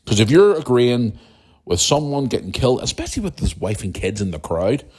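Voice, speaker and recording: A man's voice: medium pitch, very animated, brisk, darkish tone, slightly rough. A man hosting a podcast in a casual monologue, talking bluntly and heatedly with plenty of swearing. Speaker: podcast host.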